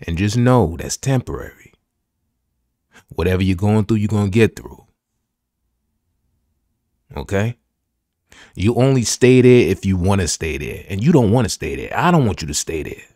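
A man's voice: on the low side, lively intonation, normal speed, long pauses, darkish tone, no room sound, clean studio sound. A man hosting a podcast, giving an emphatic, repetitive motivational pep talk full of slang. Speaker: podcast host.

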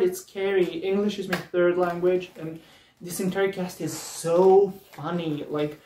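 A man's voice: high voice, fairly even intonation, measured pace, dark tone. A drag performer from Serbia, a man, delivering a biting comedy roast with mocking punchlines and laughs, recorded on a distant mic. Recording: roomy, distant mic with faint noise.

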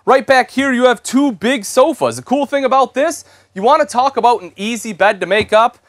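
A man's voice: very high voice, normal speed, a bit bright, dry recording, studio quality. A young man hosting an RV show, giving an enthusiastic, chatty sales walkthrough inside a travel trailer and calling viewers "folks". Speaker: RV show host.

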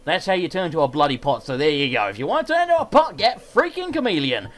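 An English man giving excitable, self-mocking gameplay commentary, swearing and laughing often. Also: a little high, quick pace. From England. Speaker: let's play host.

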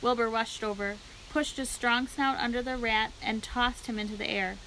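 A woman narrating a children's book aloud for a library read-aloud, in a clear, steady storytelling way. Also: a little high, moderate pace, slight background noise, low-quality recording.

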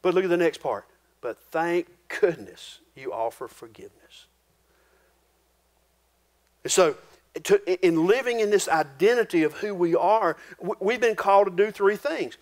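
Folksy high-voiced preacher man. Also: expressive, unhurried. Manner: folksy, homespun preaching with rural turns of phrase; drops low and quiet for solemn points. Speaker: pastor. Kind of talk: sermon.

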